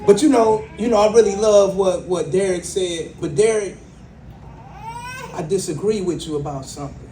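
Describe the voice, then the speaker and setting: A man, giving an impassioned, rhythmic, preacherly speech to a crowd at a community event, building to loud emphatic peaks. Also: sits high, normal speed, a little hiss or hum. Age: 40s. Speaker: exonerated speaker at a book launch. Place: community event hall with audience. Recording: echoey hall, mic from far off.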